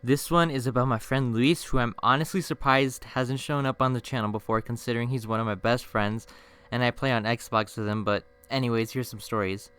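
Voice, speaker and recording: A young man telling funny stories on his channel in a slangy, swearing casual style, with bursts of mock-outraged yelling. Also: medium pitch, fairly even intonation, fairly quick, smooth. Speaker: storytime youtuber. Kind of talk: casual storytime narration.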